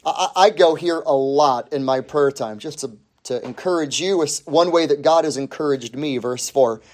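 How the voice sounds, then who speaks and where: A man preaching a sermon, emphatic, stretching key phrases out slowly and rising sharply on the points he stresses. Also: on the high side, a little mellow. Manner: emphatic, with slow drawn-out phrases and sudden rises.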